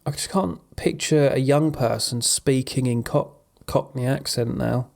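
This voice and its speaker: Gravelly-voiced man streaming casually. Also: mid-range voice, unhurried, darkish tone. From Suffolk, England. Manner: rambling, wry. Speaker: live streamer. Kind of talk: casual chat.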